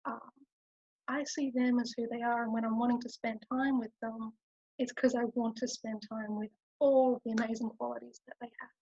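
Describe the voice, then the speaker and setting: A woman with a husky, slightly high voice, speaking earnestly as a guest psychologist. She comes through a dull, dry video call line with no room sound. She reflects on her points as she goes. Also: level tone, normal speed, darkish tone, dry recording. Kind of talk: informal webinar conversation.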